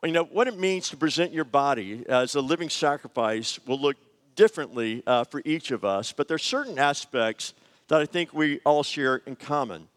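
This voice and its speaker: A middle-aged man preaching a sermon, telling personal stories in a conversational, animated way with frequent fillers. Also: on the high side, normal speed. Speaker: pastor. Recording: long hall reverb.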